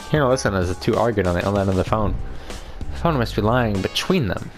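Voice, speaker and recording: A man reads a game's story aloud and now and then drops in chatty asides. His pitch moves in a lively way, and faint music plays underneath. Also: quick pace. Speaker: game narrator. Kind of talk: reading a game story aloud.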